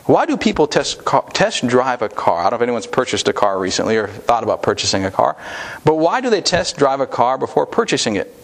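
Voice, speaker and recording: A man delivering a sermon to his congregation, talking through his points in a plain, conversational way. He speaks at a middle pitch and stops now and then to restart a phrase or add an aside. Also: sing-song, a little fast, creaky. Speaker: pastor.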